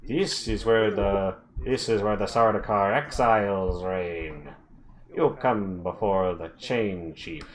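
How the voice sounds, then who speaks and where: A man voicing a gruff, boastful male dwarf chieftain who drags out his words and growls in a pirate-like way, as a game master at a tabletop game. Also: fairly low pitch. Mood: menacing. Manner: bragging, slow and loud.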